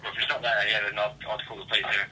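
A man shop worker on the phone, briskly asking puzzled questions. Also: lowish voice, little pitch movement, bright, forceful tone, slight background noise, rough recording. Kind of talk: phone conversation.

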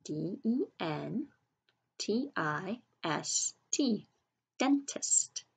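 In an expressive, slightly bright voice on the low side, a woman teacher runs a children's reading lesson. She articulates slowly and clearly, sounding words out by syllable and spelling them letter by letter.

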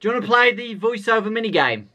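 A man's voice: high voice, expressive, fast talker, sharp tone, dull audio. A man with a British accent, hosting a casual gaming chat show. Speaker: host.

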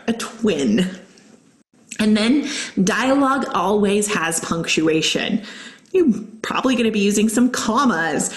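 A woman teaching a grammar lesson as a guest teacher, explaining step by step and slowing down to read out examples. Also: lowish voice. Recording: echoey room.

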